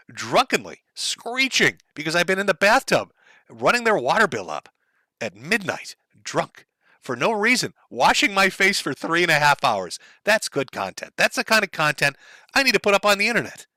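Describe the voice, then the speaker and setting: A man reacting to a clip with sarcastic, mocking commentary. His pitch swings widely and his tone is bright and sharp. The voice sounds dry and close, with no room echo. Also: big pitch swings, moderate pace. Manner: sarcastic, mocking, breaks into laughter.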